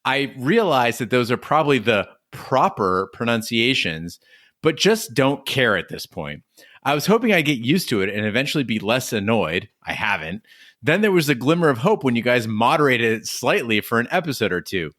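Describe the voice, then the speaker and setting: Male podcast host, animated pitch, dry close sound, reads mail with wry humor. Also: moderate pace, no echo. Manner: reads emails aloud with lively, wry delivery. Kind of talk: casual podcast chat.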